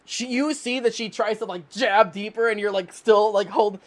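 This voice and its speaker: A young woman running a tabletop game, narrating in a quick, casual, rambling way. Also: medium pitch, fairly even intonation. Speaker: game master.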